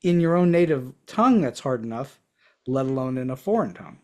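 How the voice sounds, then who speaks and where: A man's voice: medium pitch, very animated, fairly quick, a little mellow. A man hosting an interview podcast, asking curious, thoughtful questions. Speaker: podcast host.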